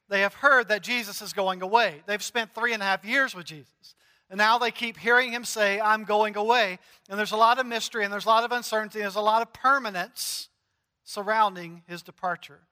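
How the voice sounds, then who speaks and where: A middle-aged pastor delivers a relaxed, joking sermon, his high, bright voice carrying through a reverberant church hall. He peppers his preaching with "uh" and "um" as he talks. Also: brisk. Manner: conversational preaching with frequent "uh" fillers and humor. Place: church sanctuary.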